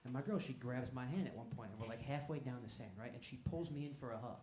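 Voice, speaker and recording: A man doing a stand-up set, telling stories fast and working the crowd, in a comedy club with a handheld mic. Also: mid-range voice, noisy background. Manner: fast, animated storytelling with crowd work. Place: comedy club stage with laughing audience. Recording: echoey club with crowd laughter.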